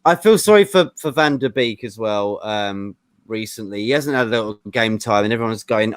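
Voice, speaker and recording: A man who is a guest on a casual football chat over a video call, teasing and bantering quickly. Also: lowish voice, lively intonation, no echo.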